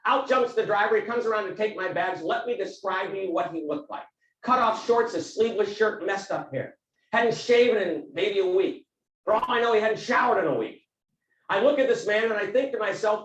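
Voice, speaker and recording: A man giving a business talk as a keynote speaker, telling a story in a vivid, animated way. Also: sits high, a little fast, roomy sound, far from the mic, rough recording.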